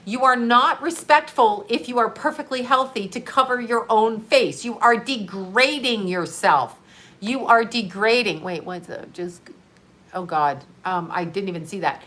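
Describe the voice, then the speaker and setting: A woman talking casually on a live stream, animated and sarcastic, often breaking into laughter. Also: fairly high pitch, unhurried.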